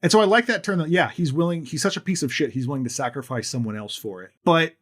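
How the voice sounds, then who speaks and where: A man's voice: fairly high pitch, fast talker. A man co-hosting a podcast, retelling a movie in casual, profane chat and acting out lines from it. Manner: animated retelling with lots of swearing and acted-out quotes. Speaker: podcast co-host. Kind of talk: casual film discussion.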